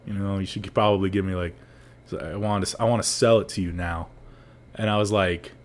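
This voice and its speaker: A man's voice: low voice, steady tone, a little fast. A young man telling a story in casual chat, rambling with lots of likes and restarts, laughing often.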